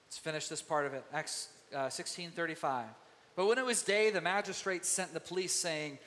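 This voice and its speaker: A man preaching a sermon as pastor, lively and conversational, acting out the voices of biblical figures. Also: on the high side, moderate pace. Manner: animated, acts out biblical voices. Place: church sanctuary. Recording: long hall reverb.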